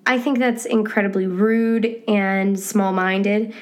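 A woman teaching singing on a podcast, chatty and encouraging, with a pitch that sits in the ordinary middle. She explains at an easy pace and now and then jumps up into bright, high demonstration hoots. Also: moderate pace. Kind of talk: casual podcast lesson.

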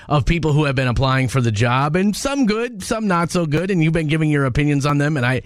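A man's voice: on the high side, animated, fast, no room sound. A man hosting a radio morning show in a studio, chatting casually and poking fun at himself. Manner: chatty and self-deprecating. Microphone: studio microphone.

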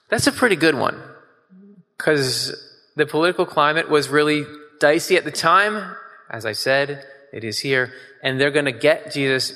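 Man preacher, bright forceful tone, casual emphatic sermon with scripture reading, reverberant hall. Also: medium pitch. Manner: conversational, emphatic, asks the audience questions.

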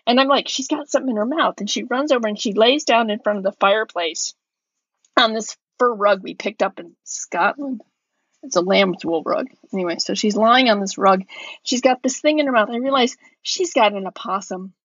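A woman co-hosting a podcast, telling a story in a relaxed chat and acting out her own calls as she goes. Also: mid-range voice, normal speed, breathy edge, dry recording, highs cut off. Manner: animated storyteller, acts out her own yelling. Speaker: podcast co-host.

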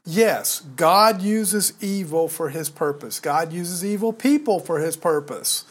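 Emphatic older man, husky voice. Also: on the high side, takes it slowly. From United States. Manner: emphatic, exhorting, repeats words when heated. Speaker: podcast co-host. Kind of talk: preachy podcast commentary.

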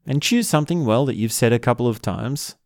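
A man's voice: mid-range voice, lively intonation, fairly quick, a little mellow, no room sound, studio quality. A man hosting a self-help video, talking through a practical tip in a playful, wandering way. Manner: playful, wandering, breaks into laughs. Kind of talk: casual spoken tip monologue.

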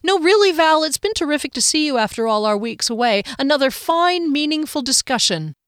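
A woman's voice: mid-range voice, normal speed, clean tone, dry recording, natural voice. Woman reading a young warrior woman, sarcastic, defensive, audiobook character, dry close sound. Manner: sarcastic and guarded.

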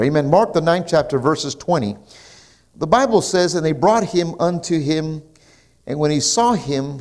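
Male pastor, mid-pitched voice, preaching to a congregation with frequent amens. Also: darkish tone. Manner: preaching with frequent amens and hallelujahs, reading scripture aloud. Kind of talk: sermon.

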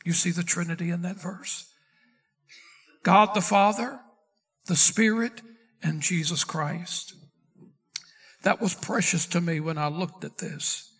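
A pastor delivers an expository sermon in a high voice for a man. He reads scripture slowly and deliberately and calls out questions to his congregation. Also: steady tone, fairly bright tone, husky. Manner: preaching, reading scripture aloud slowly.

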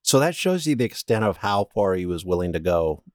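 A man's voice: lowish voice, brisk, no room sound, clean studio sound. A man co-hosting a podcast, casually reading out a story from his notes and stumbling now and then. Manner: steady storyteller, stumbles and restarts while reading. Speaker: podcast co-host presenting the story.

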